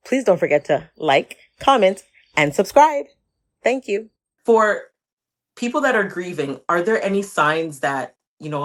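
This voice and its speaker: A woman with a notably low-pitched voice hosts a podcast interview. She talks in a relaxed, conversational way, affirming and encouraging her guest as they chat. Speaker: podcast host.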